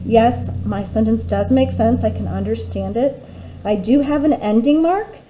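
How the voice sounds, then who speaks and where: A woman teacher giving a phonics lesson to young children, sounding out words slowly and clearly and encouraging them warmly. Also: fairly high pitch, a little hiss or hum, poor audio. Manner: warm, encouraging teacher talk.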